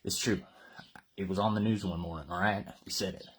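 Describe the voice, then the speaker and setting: A man's voice: sits low, steady tone, fairly quick, a bit bright, husky. Playful winded man coaching a workout. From Colorado. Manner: playful, joking banter. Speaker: fitness host. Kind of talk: casual live workout coaching.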